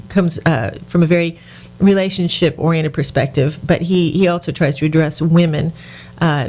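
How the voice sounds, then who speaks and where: A woman's voice: sits low, dark tone. A woman hosting a business radio talk show, indignant and sarcastic, with frequent restarts.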